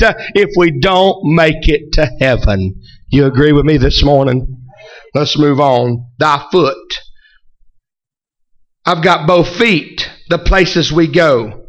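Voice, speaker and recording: A male preacher with a strikingly high, bright voice delivers a shouted revival sermon in a church. His cadence chants and rises, each phrase punctuated by "uh" and "amen", and the tone stays crisp and ringing.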